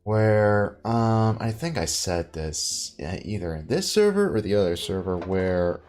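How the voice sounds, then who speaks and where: A man's voice: on the low side, very animated, unhurried, a little mellow, slight background noise. A tired man hosting a podcast, rambling through a casual rant. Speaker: podcast host.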